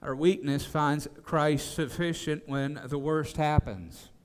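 Pastor, male, fairly high voice, stammering preacher, long hall reverb. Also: steady tone, slow, clear, resonant tone. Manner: stammers on restarts, rises to emphatic declarations. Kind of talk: expository sermon.

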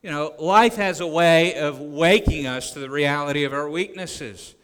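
A man delivers a sermon in a bright, slightly tense voice pitched a little high. He slips into quoted voices and stumbles into quick restarts. A long reverb trails his words around the hall. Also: clear, resonant tone. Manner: acts out quoted disciples with rising voice, frequent restarts. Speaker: pastor.

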